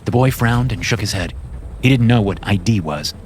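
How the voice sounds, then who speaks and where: A man narrating a horror story in a measured, steady scripted reading. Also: fairly low pitch, a little hiss or hum.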